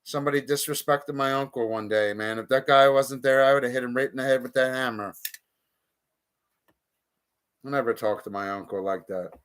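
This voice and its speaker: Man, live streamer, blunt and profane, bright forceful tone, smooth clear voice. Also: medium pitch, fairly even intonation, fast talker. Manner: blunt, profane, heated outbursts. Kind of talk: casual live-stream monologue.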